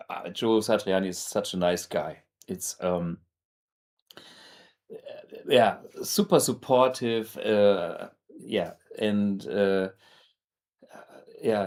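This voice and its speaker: A man's voice: lowish voice, darkish tone. A German man hosting a guitar show, talking casually to camera in English with many fillers and restarts. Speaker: host.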